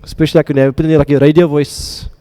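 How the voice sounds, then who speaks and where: A male teacher leads a classroom lecture with a high, mellow voice. He quizzes the students and drops playful jokes between drills. A long reverb hangs on every word. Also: little pitch movement, quick pace. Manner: quizzing students, joking asides. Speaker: Arabic grammar teacher.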